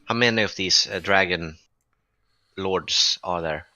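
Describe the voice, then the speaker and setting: A man's voice: sits low, a little slow, bright, forceful tone. A man playing a tabletop game, joking around, swearing and stumbling over words. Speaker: player. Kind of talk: casual tabletop game chat.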